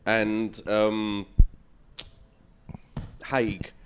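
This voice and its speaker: A comedian hosting a political chat show, blunt and profane, ranting about politics. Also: male voice, lowish voice, monotone, very slow, a little hiss or hum. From England. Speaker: comedian and podcast host.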